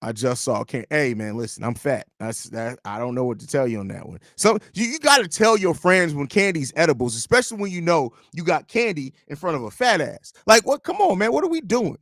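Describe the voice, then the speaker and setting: A man's voice: mid-range voice, big pitch swings, fairly quick, hardly any pauses, a bit bright, no echo, clean studio sound. A man in his thirties hosting a live sports podcast, chatting loosely and telling jokey stories with swearing. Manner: loose, joking, storytelling with swearing. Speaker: podcast host. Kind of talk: casual live-stream chat.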